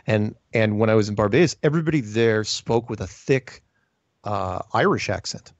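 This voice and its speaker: A man's voice: on the low side, normal speed, no room sound. Middle-aged male host, rambly and full of restarts, dull lo-fi recording, dry. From United States. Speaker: podcast host. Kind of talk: casual chat. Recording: dull lo-fi sound.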